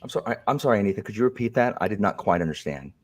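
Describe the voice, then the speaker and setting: A man's voice: on the low side, lively intonation, rapid-fire. A man hosting a video call chat in a stiff, overly proper and polite manner. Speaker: host.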